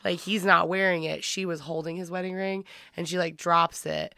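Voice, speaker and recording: A woman co-hosting a podcast, telling a story in a chatty, animated way and saying "like" a lot. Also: lowish voice, normal speed, gravelly, no echo, studio quality. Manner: animated storytelling, heavy use of "like". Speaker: podcast co-host. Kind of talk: casual chat.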